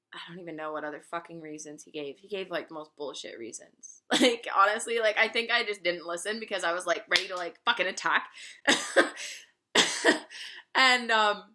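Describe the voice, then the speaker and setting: Bright-voiced young woman telling a story. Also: on the low side. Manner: candid and profane, laughing often. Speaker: vlogger. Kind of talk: casual storytime.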